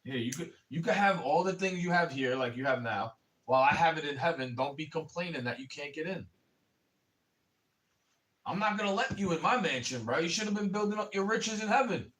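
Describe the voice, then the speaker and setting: A man's voice: fairly high pitch, lively intonation, a little fast, fairly bright tone, far from the mic, poor audio. A man in his twenties, ranting profanely and heatedly in a casual livestream. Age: 20s. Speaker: streamer.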